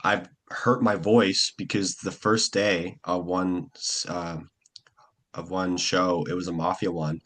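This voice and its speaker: A young man, an actor, chatting casually in an interview, rambling with lots of fillers and quick acted-out quotes. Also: deep voice, level tone, fairly bright tone.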